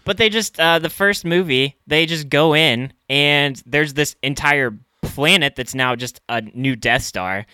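A young man co-hosting a casual comedy podcast, easygoing and quick to laugh. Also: fairly high pitch, sharp tone, smooth, dry recording. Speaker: podcast co-host.

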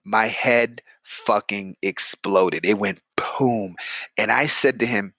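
A man's voice: fairly low pitch, slow pace, no room sound, studio quality. A middle-aged man, a podcast co-host telling stories in casual banter, swearing freely and acting out the lines he quotes. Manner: animated storyteller, swears freely, acts out quotes.

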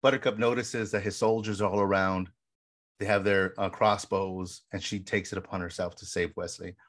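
A man co-hosting a podcast, casually retelling film scenes with lively quoted lines and frequent "bro". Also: deep voice, normal speed, dry recording, clean studio sound. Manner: animated storyteller, says "bro" often. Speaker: podcast co-host.

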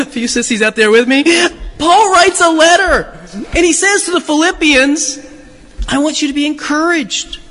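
Middle-aged male pastor, bright voice, stammering restarts, church hall echo. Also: sits high. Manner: halting, self-deprecating, storytelling with repeated restarts. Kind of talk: sermon. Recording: long hall reverb.

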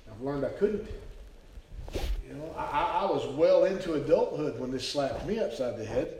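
A man's voice: on the high side, animated, normal speed, dark tone, slight background noise. A man preaching a sermon, telling the story earnestly and stumbling over repeated words. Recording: very echoey hall, speaker far from mic.

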